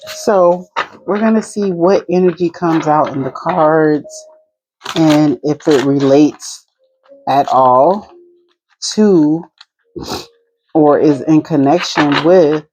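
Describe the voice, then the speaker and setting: A woman's voice: low-pitched, slow, long pauses. A woman with a New Jersey accent giving an intuitive tarot reading, musing aloud and speaking to spirit as she pulls cards. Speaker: tarot reader. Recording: clear background noise.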